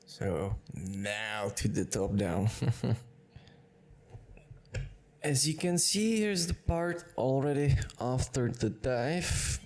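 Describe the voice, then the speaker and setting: A man's voice: medium pitch, animated, drawn-out words, long pauses, darkish tone. A man hosting a sim racing channel, breaking down race replays in an analytical way and often correcting himself mid-sentence. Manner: analytical, with frequent self-corrections. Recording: music bed under the voice.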